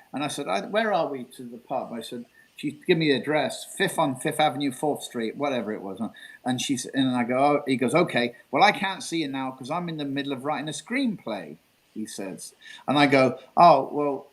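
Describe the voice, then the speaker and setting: A man's voice: mid-range voice, poor audio. An English man from England, a guest telling a long rambling story, repeating himself and swearing. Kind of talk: casual storytelling interview.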